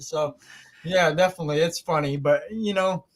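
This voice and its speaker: A man's voice: fairly high pitch, moderate pace. A man with a rural Michigan accent hosting a casual interview, telling stories and acting out exchanges. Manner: chatty storyteller, animated when retelling exchanges. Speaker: podcast host.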